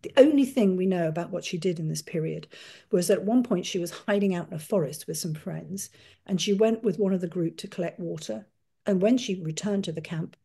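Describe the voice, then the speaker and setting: A woman author giving a talk, telling a family history in an earnest, measured storytelling way. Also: fairly low pitch, warm tone. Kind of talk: storytelling lecture.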